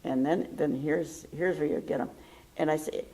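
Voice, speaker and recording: Woman talk-show host; low, gravelly voice, emphatic and animated delivery. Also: normal speed, poor audio. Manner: emphatic, animated storytelling with quoted lines. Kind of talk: casual talk-show chat.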